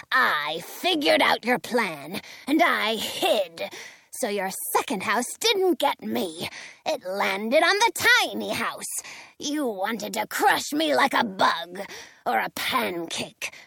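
A woman reading a storybook voices a haughty old witch who snarls slow, spiteful accusations. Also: medium pitch, creaky, pushed and bright, husky, no echo, exaggerated voice.

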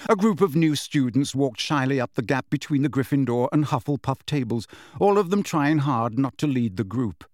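A man's voice: mid-range voice, animated, normal speed, a little mellow, no room sound. Man narrating a storybook, dry sound. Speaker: audiobook narrator.

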